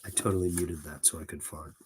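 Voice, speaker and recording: A man's voice: low-pitched, fairly even intonation, quick pace, a little mellow, a little hiss or hum. A man reading a story aloud at home, breaking off for chatty asides and fond talk to his cat; he says he is feverish. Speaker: reader and streamer. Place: home room at a desk.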